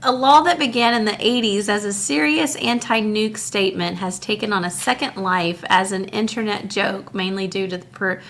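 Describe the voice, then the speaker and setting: A woman's voice: mid-range voice, normal speed, hardly any pauses, a bit bright, a little hiss or hum. A woman co-hosting a podcast with her husband, teasing him and laughing easily in casual chat. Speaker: podcast co-host.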